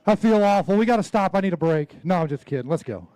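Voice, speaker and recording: On an outdoor stage, a high-pitched man emcees a fishing weigh-in, pumping up the crowd with loud call-outs and rapid jokes. Speaking into a handheld mic, he sounds dry, close, and animated, with no echo, in the style of a live tournament emcee.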